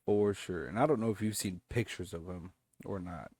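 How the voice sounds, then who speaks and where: A man's voice: deep voice, normal speed, darkish tone, breathy edge. A laid-back man hosting a casual reaction video, often repeating himself and chuckling. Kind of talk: casual chat.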